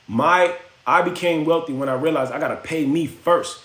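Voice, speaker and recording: A man's voice: a little high, normal speed, a bit bright, voice pushed up, lightly acted. A man voicing a wise older man who lectures a young scribe about saving money, in an emphatic, slangy way. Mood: lecturing. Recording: roomy echo.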